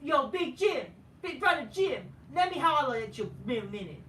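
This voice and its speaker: A man imitating a brash male wrestler who is calling out his twin brother, with loud, shouty trash talk. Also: very high-pitched, big pitch swings, moderate pace, a little hiss or hum, voice pushed up, exaggerated voice. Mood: hyped. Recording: roomy, from a distance.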